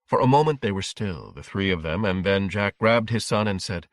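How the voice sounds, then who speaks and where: Male audiobook narrator, low, dry close sound, steady pacing. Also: moderate pace, no echo.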